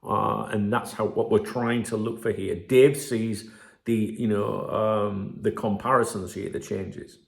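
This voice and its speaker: A man hosting his channel, giving casual commentary while reading out analysis, animated and conversational, often checking in with "right?". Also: lowish voice, unhurried, creaky, reverberant. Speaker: channel host.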